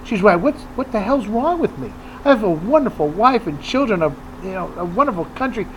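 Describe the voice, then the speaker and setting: A man's voice: high-pitched, expressive, brisk, a bit bright, slight background noise, rough recording. A man hosting a radio show, telling long jokes with relish in casual banter. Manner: tells long jokes with relish, acting out lines.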